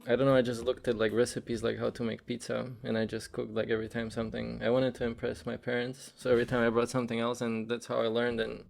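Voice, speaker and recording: Gravelly young man telling stories. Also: medium pitch, fast talker, hardly any pauses. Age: young adult. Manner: relaxed, says "bro" and "like" a lot. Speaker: podcast guest. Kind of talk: casual storytelling.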